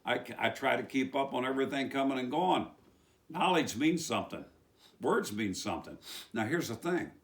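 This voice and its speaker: A man's voice: mid-range voice, expressive, normal speed, fairly bright tone. A man from West Virginia with a West Virginia accent, preaching an informal sermon in a rambling way full of rhetorical questions.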